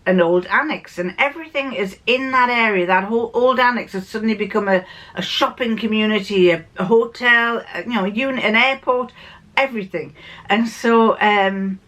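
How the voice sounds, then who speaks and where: A woman's voice: medium pitch, a bit bright, poor audio. Older woman, vlogger, rambling storyteller, chatty and unscripted. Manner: rambling and anecdotal, with frequent restarts. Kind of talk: chatty vlog monologue.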